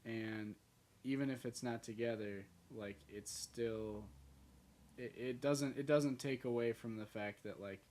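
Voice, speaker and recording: A man co-hosting a podcast, talking in a hesitant, soft-spoken way with many "like"s and "um"s. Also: mid-range voice, steady tone, unhurried, a little hiss or hum. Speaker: podcast co-host. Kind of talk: casual chat.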